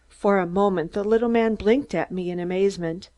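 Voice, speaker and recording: A woman with a medium-pitched voice narrates a mystery audiobook, reading in a measured and expressive way.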